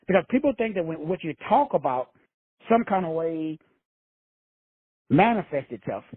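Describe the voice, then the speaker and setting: A man's voice: on the high side, expressive, moderate pace, slightly rough, no echo, phone-quality sound. A man giving a preachy motivational talk, casual and swearing, calling listeners brothers and sisters. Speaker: self-help speaker.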